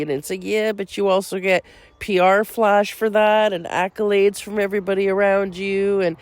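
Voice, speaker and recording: A woman's voice: mid-range voice, fairly even intonation, moderate pace, a little mellow, no room sound. A woman hosting a faith podcast, talking earnestly in a monologue that turns incredulous and indignant. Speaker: host.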